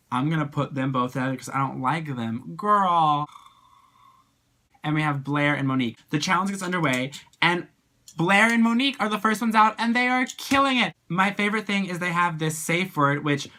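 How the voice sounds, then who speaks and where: Bright, excitable drag performer gushing. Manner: animated, gushing, slangy, bursts into high excited exclamations. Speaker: drag performer reviewing TV episodes. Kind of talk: casual video review.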